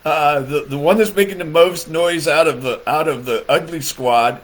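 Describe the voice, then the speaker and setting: A man's voice: on the high side, moderate pace. A man, a political comedian, rambling through a crude comedic rant, laughing often and leaning on fillers. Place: Michigan.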